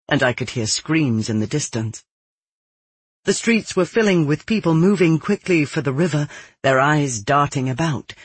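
A man reading a dark first-person novel aloud in a measured, grim storytelling manner. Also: fairly high pitch, breathy edge, no room sound. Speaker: audiobook narrator. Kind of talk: scripted first-person fiction narration.

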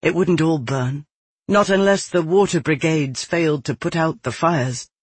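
A man reading a dark first-person novel aloud in a measured, grim storytelling manner. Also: a little high, slightly rough, no room sound. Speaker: audiobook narrator. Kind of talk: scripted first-person fiction narration.

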